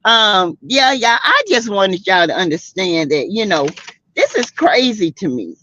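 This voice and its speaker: A woman's voice: medium pitch, sing-song, measured pace, a bit bright, lo-fi sound, slight background noise. A woman from South Carolina hosting a livestream, giving sassy, outspoken, slangy commentary on a reality show to her live chat and laughing often. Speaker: livestream host.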